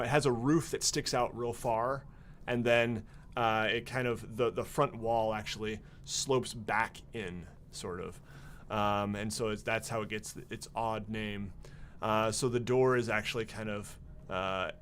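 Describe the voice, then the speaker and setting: A man's voice: mid-range voice, fairly bright tone, a little hiss or hum. A man running a tabletop game as game master, narrating in an easygoing, rambling way with many fillers.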